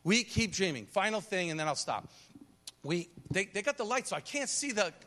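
A missionary pastor speaking to a congregation on a church stage, telling stories and acting out the voices of the people in them. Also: male voice, high voice, moderate pace, a little hiss or hum. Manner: animated storytelling, acts out quoted voices. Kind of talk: sermon testimony to a congregation. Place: church stage under lights.

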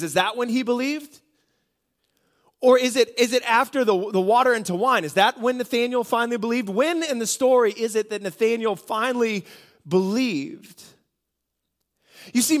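A man's voice: high voice, a bit bright. A pastor from the United States giving a conversational sermon, asking rhetorical questions and often repeating phrases as he builds a point.

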